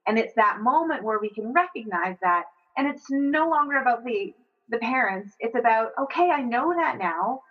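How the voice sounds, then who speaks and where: A woman's voice: on the high side, expressive, normal speed, husky. Woman hosting a mom podcast, affirming, a bit lo-fi sound. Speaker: podcast host. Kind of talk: casual interview chat.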